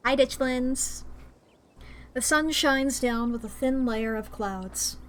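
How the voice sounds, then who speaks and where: A woman's voice: high voice, takes it slowly. A woman streamer reading a visual novel aloud between playful, self-mocking asides.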